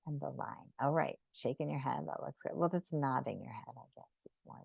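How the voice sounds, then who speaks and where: A woman with a low, gravelly voice guides a drawing lesson over a video call. She talks gently and unhurriedly, often checking in with "right?". The sound is close and dry. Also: brisk, no echo. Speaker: sacred geometry teacher. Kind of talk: live online drawing lesson.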